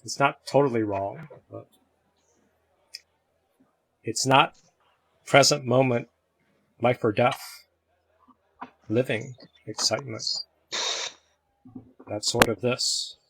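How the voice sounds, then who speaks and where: A man's voice: mid-range voice, steady tone, slow pace, creaky, long pauses, a bit bright, breathy edge, rough recording. A man leading a casual group discussion on a video call, blunt and challenging.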